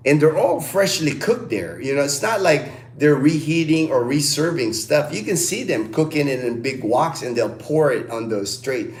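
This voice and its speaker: A middle-aged man hosts a relaxed livestream, talking in a lively, swooping voice that sits a little high for a man. He tells stories with bursts of laughter and calls out viewers by name. The room around him is echoey. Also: moderate pace, hardly any pauses. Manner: animated storytelling, laughs often, reads chat names aloud. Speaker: livestream host. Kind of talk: casual livestream chat.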